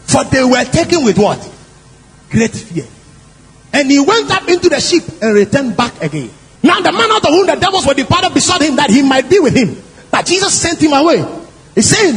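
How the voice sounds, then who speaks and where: A male preacher with a very high voice and a lively, swooping delivery. He stresses his points and keeps asking the congregation questions. A long hall echo trails each phrase, with faint music underneath. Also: normal speed. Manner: animated and emphatic, asks the congregation questions. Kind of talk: sermon.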